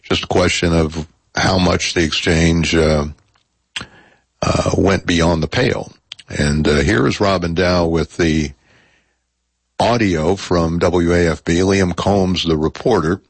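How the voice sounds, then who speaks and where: A man hosting a public radio talk show, speaking in a measured, halting way with frequent fillers. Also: sits low, vocal fry, slightly rough, no room sound. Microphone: studio microphone.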